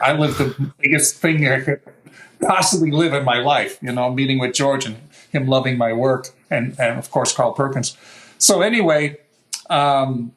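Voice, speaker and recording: Man telling stories with animated laughter. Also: fairly high pitch, poor audio. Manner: animated anecdotal telling, acts out quoted voices, laughs often. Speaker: guitar maker, guest. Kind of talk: storytelling interview.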